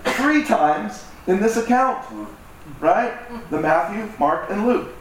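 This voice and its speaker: A man's voice: high voice, expressive, slow, recorded from a distance. A man preaching a conversational sermon as pastor, joking about himself and acting out voices. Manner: conversational, self-deprecating, acts out voices. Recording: echoey hall, mic from afar, faint noise.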